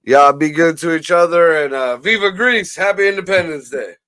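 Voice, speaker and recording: A man's voice: on the high side, normal speed, fairly bright tone, no echo. A man hosting a live stream, chatting loosely and profanely and running through the weekly schedule. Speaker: host. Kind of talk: casual live-stream chat.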